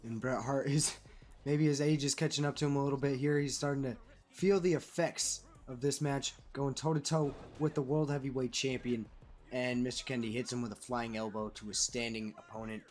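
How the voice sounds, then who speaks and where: A man giving casual, animated play-by-play commentary over a wrestling video game he is playing, calling players "brother". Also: medium pitch, fairly quick, faint music behind. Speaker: gaming commentator.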